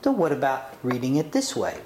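A man teaching from scripture in a relaxed sermon style, chatty and given to side remarks and acted-out intonations. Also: medium pitch, brisk, slight background noise. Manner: conversational, digresses with chuckles, acts out intonations. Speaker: Bible teacher. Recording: roomy hall, faint ambience.

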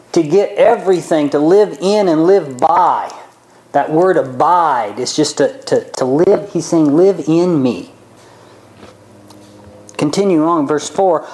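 A man preaching a sermon, reading scripture aloud and explaining it, slowing down and stretching key words. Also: on the high side, darkish tone, poor audio.

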